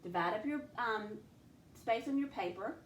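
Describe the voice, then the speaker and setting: A woman teaching a spelling lesson, speaking slowly and clearly and sounding out each letter and syllable. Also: a little high, animated. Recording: echoey room with faint ambient noise.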